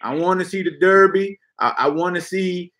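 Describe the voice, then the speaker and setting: A man with a fairly high voice hosts a sports talk show. He rants bluntly and loosely in casual slang. His delivery is animated. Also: normal speed. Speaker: podcast host.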